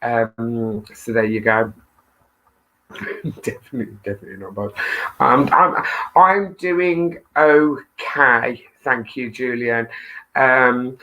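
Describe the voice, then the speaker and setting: A woman's voice: rumbling low, sharp tone, lo-fi sound. A middle-aged woman hosting a casual live stream, greeting viewers and reading their comments in a chatty, self-deprecating way with frequent laughs and ums.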